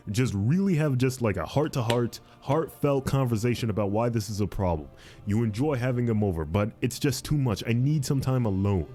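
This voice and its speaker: Young male podcast host, mellow and animated, casual commentary with faint music behind. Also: medium pitch. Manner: repetitive, animated, says "dude" and "fiendish". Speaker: podcast host reading advice posts.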